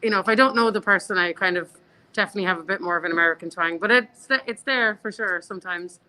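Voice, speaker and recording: A woman's voice: medium pitch, fast talker, pushed and bright, rough recording. An Irish woman in her thirties, a bar co-owner, chatting as a guest in a casual interview, telling stories with many restarts. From Ireland.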